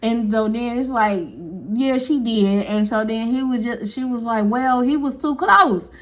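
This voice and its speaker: A woman's voice: on the high side, unhurried, highs cut off. A woman telling a casual storytime, acting out each person's lines and laughing often. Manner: animated, acts out quotes, laughs often.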